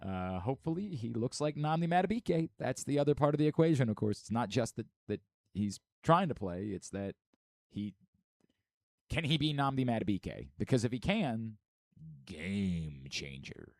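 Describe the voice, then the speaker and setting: A hoarse man hosting a sports radio show, chatting casually and joking at his own expense. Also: medium pitch, expressive, moderate pace, a little mellow, no room sound, studio quality. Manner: self-mocking, repetitive joking. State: hoarse from singing at a concert.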